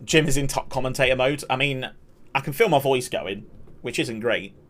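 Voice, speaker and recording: A young man streaming a football match, calling the play-by-play and chatting with viewers in between. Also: normal speed. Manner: excitable play-by-play that surges in pitch at attacks, chatty asides to chat. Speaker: streamer and amateur match commentator. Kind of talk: live watch-along commentary mixed with reading chat.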